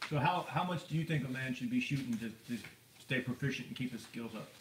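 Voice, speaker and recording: Brief: male host, rambling and chatty, reads out the chat, mid pitch, roomy echo with faint hiss. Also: fast talker. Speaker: live-stream host. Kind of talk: casual live-stream chat. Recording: echoey room, faint noise.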